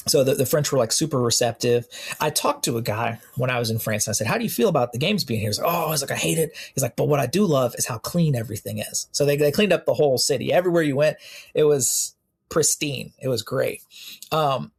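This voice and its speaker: A young American man telling stories as a podcast guest, with a gravelly, husky voice. He talks casually and animates his stories by acting out the people he quotes. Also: mid-range voice. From United States. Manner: animated storyteller who acts out quoted exchanges. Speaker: podcast guest, police officer. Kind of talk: casual storytelling in an interview.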